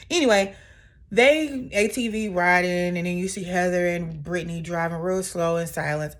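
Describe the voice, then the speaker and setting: A woman casually recapping a reality TV episode in a chatty, sassy way, full of asides. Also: on the low side.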